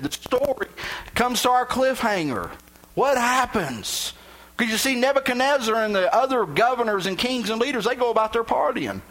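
Male pastor, high voice, dramatic sermon storyteller; moves from loud to hushed.

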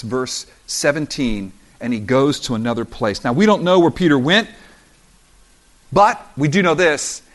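A man preaching a sermon as pastor, animated and acting out the voices of the story. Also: on the high side. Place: church in South Florida.

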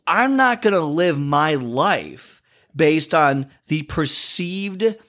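A man's voice: a little high, expressive, slow pace, a bit bright. Casual-talking male fitness podcaster. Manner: conversational, many fillers and restarts. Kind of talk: casual motivational monologue.

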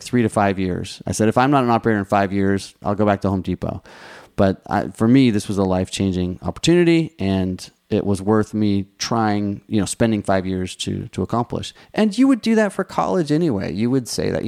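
A man who runs a restaurant answers viewer questions with casual career advice, talking fairly quickly in a lowish, darkish voice with lively intonation. He's conversational, restarting often and filling gaps with "you know."

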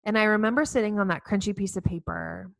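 A woman delivers a heartfelt inspirational talk. She tells stories in an earnest, animated way with a streak of self-mocking humor. Her voice is mid-pitched and recorded close, with a dry sound. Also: quick pace, creaky, no echo. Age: 40s. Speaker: speaker addressing women facing infertility.

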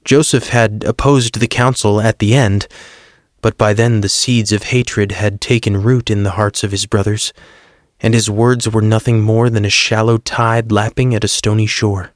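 A man reading a story aloud in a measured, earnest narration. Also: fairly low pitch, level tone, no echo, clean studio sound. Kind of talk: scripted narration.

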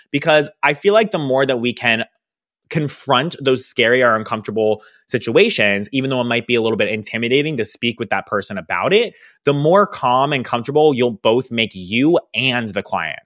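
Young man, podcast host, chatty and animated, mid-pitched voice, dry close mic. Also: normal speed, no room sound. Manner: animated, chatty, lots of fillers. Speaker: podcast host, hairstylist business educator. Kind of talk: casual podcast storytelling.

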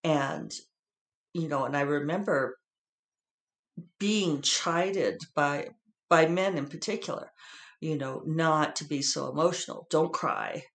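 A man's voice: on the high side, takes it slowly, creaky, pauses often, fairly bright tone. Man, podcast host, tearful and rambling in a chatty monologue, recorded in an echoey room. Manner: rambling, with many fillers and restarts. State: teary, emotional. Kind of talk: casual solo podcast monologue.

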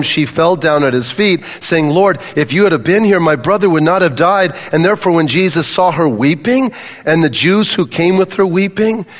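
Older pastor preaching in a reverberant hall. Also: male voice, a little high. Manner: conversational, questioning the audience. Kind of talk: sermon. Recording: long reverb of a large hall.

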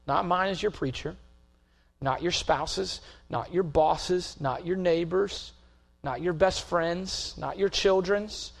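A male pastor preaching a sermon, moving from calm, measured talk to loud, emphatic stretches. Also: a little high, vocal fry.

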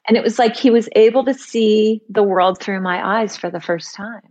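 A woman guest on a talk show, telling a personal story in a lively way and acting out the voices of the people in it. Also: medium pitch, moderate pace, hardly any pauses, highs cut off. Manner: lively, acts out voices in quotes. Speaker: author guest. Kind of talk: animated storytelling.

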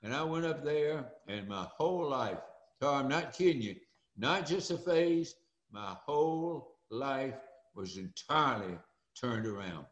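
An older man, telling stories in a folksy, animated way as an interview guest. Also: medium pitch, measured pace, echoey room. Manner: folksy and animated, acts out quoted voices. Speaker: interview guest, former speaker and coach. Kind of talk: storytelling interview.

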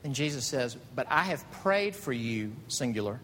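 A man preaching a sermon as pastor, animated, climbing to emphatic high peaks. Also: moderate pace. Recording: reverberant hall with faint rumble.

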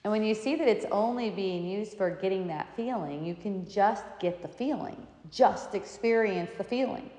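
A woman giving a reflective spiritual talk, telling a personal story in an animated, chatty way with frequent restarts. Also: mid-range voice, moderate pace, few pauses. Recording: echoey hall, reverberant.

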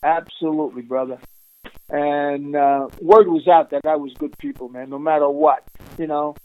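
Animated, streetwise man telling a story. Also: a little high, normal speed, clear, resonant tone, no echo, low-quality recording. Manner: animated, streetwise, laughs often, many restarts. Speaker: interviewee recounting undercover work. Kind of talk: casual storytelling in an interview.

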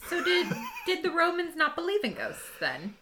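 A woman hosting a podcast in casual chat, amused and quick to laugh. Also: very high voice, huge pitch swings, bright, forceful tone. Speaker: podcast host.

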